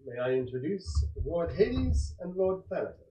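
A player in a tabletop role-playing game, speaking in a lively way, often in formal character speech. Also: medium pitch, moderate pace, dull audio.

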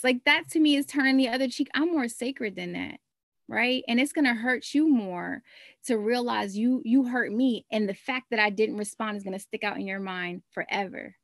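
A woman's voice: on the high side, normal speed, a bit bright, dry recording, clean studio sound. A woman hosting a podcast, talking reflectively and casually, with lots of "like" and "you know". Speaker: podcast host. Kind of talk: casual conversational interview.

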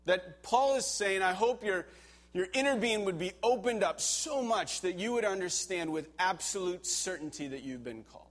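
A middle-aged pastor with a voice pitched a little high for a man. He preaches by telling a story in a relaxed, conversational way, full of fillers and asides, and grows animated as the tension builds. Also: normal speed. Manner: conversational storytelling, animated when reliving panic. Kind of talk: sermon with personal story.

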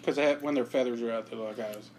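A man's voice: medium pitch, racing, a little hiss or hum. A man co-hosting a casual comedy podcast, blurting crude guesses and laughing. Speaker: podcast co-host.

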